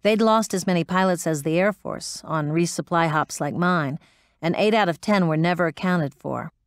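A woman voicing a hardened former military pilot, blunt and profane, defensive when pressed. Her voice sits low for a woman, recorded dry and close for an audiobook drama. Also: moderate pace, smooth, no room sound, close to an everyday voice. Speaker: interviewee.

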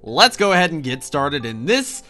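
A man's voice: a little high, big pitch swings, normal speed, sharp tone, faint music behind. A young man hosting a gaming channel, chatting playfully through gameplay commentary and laughing often.

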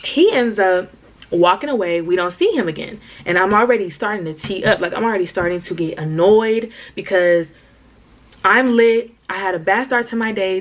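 A young woman telling a slangy storytime to her viewers, talking straight to them. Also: mid-range voice. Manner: animated slangy storytelling, addresses viewers as y'all. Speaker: vlogger. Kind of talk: storytime vlog.

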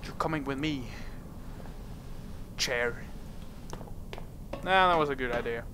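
A man's voice: medium pitch, slow, background noise. A man giving casual, goofy gameplay commentary, joking and laughing at his own jokes. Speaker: let's play gamer.

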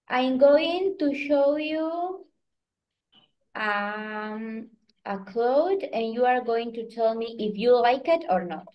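High-voiced woman teaching, slow and patient. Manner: patient, prompting students by name. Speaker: Spanish teacher. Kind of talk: live online class, coaching students. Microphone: video call. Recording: dull lo-fi video call audio.

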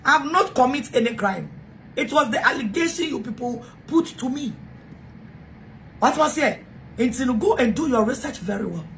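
A woman's voice: high-pitched, expressive, moderate pace, a bit bright, a little hiss or hum. Heated Ghanaian woman ranting. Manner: heated, repetitive, switches between English and Twi. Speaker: self-styled preacher. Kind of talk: angry rant to camera.

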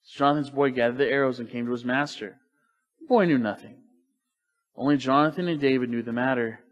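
A man preaching a sermon in church, animated and joking in a loose, colloquial way. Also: medium pitch, fairly quick, lo-fi sound. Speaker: pastor.

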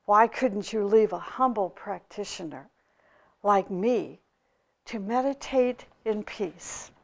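A woman's voice: mid-range voice, slow. Woman doing an indignant old hermit. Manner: indignant, shouting when provoked. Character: proud, easily angered old male hermit.

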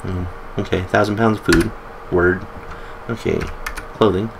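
Guy doing casual game commentary, jokey asides, low-ish voice, faint keyboard clicks. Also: steady tone, measured pace, a little hiss or hum, rough recording. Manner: chatty, joking asides, reads game text aloud. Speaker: let's play host.

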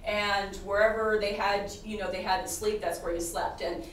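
Speaking at normal speed with a steady, medium-pitched tone, this woman, a podcast host and presenter, is losing her voice and sounds hoarse. Her live presentation in a historic house's room is chatty, with frequent laughter, fillers, and restarts. A distant mic picks her up in a very echoey space with faint background noise.

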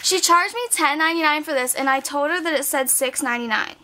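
A woman's voice: high voice, quick pace, sharp tone. A nineteen-year-old woman chatting casually in a haul video, bubbly and full of "like" fillers. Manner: bubbly, chatty, says "like" a lot. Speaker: beauty vlogger. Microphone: camera mic.

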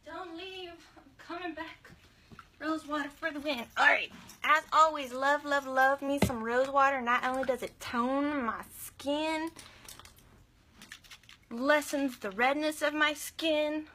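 A woman's voice: high voice, fairly even intonation, unhurried, pushed and bright, a little hiss or hum. A young woman giving a chatty, enthusiastic live makeup tutorial, gushing over the products she uses. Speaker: makeup vlogger.

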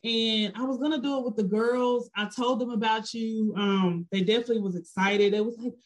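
A woman hosting a podcast, chatty and excitable, laughing often while talking with her guest. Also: a little high, brisk. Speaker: podcast host. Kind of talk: casual interview chat.

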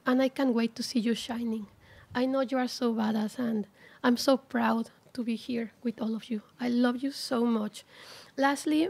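A woman in her forties giving a heartfelt, halting graduation speech at a ceremony. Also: on the high side, darkish tone, dry recording. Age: 40s. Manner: heartfelt, emotional, halting with restarts. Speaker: graduating student speaker.

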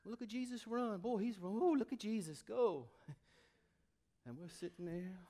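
A male pastor preaching a sermon, animated, swinging from loud exclamations to quiet, intimate asides. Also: sits high, normal speed, slight background noise.

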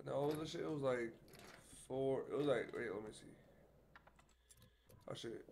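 A man's voice: medium pitch, measured pace, creaky, a little mellow, slight background noise. A young man giving let's play commentary on a horror game, talking jittery and profane as he thinks aloud to his chat. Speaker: gaming streamer.

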